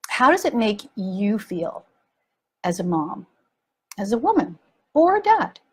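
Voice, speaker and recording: Woman, parenting coach, husky, frank, animated, repeats for emphasis. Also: mid-range voice, measured pace. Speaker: parenting coach and podcast host. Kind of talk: casual talk to listeners.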